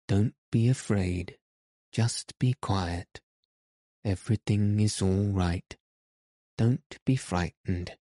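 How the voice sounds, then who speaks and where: A man reading the lines of a calm, kindly doctor who speaks gently and reassuringly. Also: lowish voice, slow pace, dry recording, clean studio sound. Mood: gentle.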